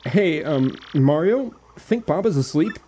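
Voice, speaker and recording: A man plays a bubbly young female goomba in a video game, chatty and bright. She talks in a high, sing-song voice that swoops up and down. Her delivery is unhurried. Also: animated, a little hiss or hum. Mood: perky.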